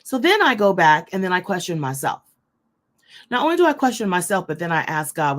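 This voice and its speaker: A middle-aged woman who talks loud and fast, blunt and forthright as she preaches her point. Her voice sits fairly low, yet her pitch swings widely from one phrase to the next. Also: very animated. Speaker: host. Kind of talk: casual faith talk, preaching to camera.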